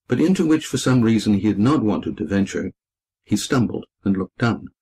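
Husky-voiced man reading a story. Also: on the low side, darkish tone. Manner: measured, descriptive. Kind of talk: scripted narration.

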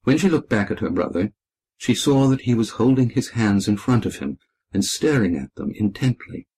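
A man narrating a children's storybook in a measured, descriptive reading. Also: fairly low pitch, lively intonation, darkish tone, breathy edge. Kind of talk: scripted narration.

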